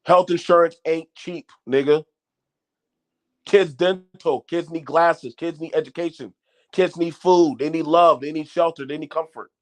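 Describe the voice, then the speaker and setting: Speaking at a measured pace with fairly even intonation, this middle-aged channel host has a voice on the high side. He addresses viewers directly in off-the-cuff commentary, cursing bluntly while repeating himself and starting sentences over.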